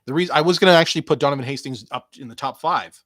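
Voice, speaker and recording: A man's voice: mid-range voice, rapid-fire, no echo. Joking podcast host man, dry sound. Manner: joking, swearing, jumps between quiet asides and loud bursts. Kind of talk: casual rambling podcast monologue.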